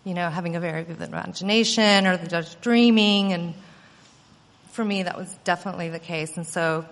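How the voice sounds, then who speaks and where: A woman's voice: lowish voice, brisk. A woman giving a personal testimony at a conference, telling her story earnestly with many fillers and restarts. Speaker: conference speaker. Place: conference hall. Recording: long hall reverb.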